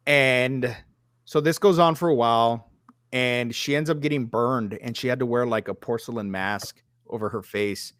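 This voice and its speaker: A man's voice: medium pitch, normal speed, no echo, clean studio sound. A man in his thirties hosting a podcast, chatting casually and telling stories, with lots of swearing and filler words. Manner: animated storytelling, swears freely, lots of "like". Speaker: podcast host. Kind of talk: casual chat.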